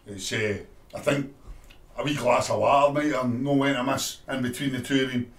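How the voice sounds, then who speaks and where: A Scottish man co-hosting a podcast, chatting casually in a halting way and often repeating words. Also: medium pitch, fairly even intonation. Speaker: podcast co-host. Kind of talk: casual chat. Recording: roomy echo.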